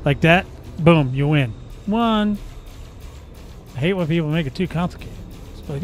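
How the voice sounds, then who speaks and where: Playful gamer dude talking over gameplay, a bit high pitched, goofy gun noises. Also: male voice, normal speed, faint music behind. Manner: playful, joking, makes mouth gun sounds. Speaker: gaming channel host. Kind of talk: live gameplay commentary.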